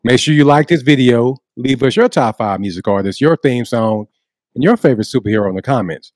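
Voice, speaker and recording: A man co-hosting a show, reading a channel promo in a lively, preacher-like way. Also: mid-range voice, fairly quick, no room sound, studio quality. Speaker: show co-host. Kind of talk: scripted channel promo read.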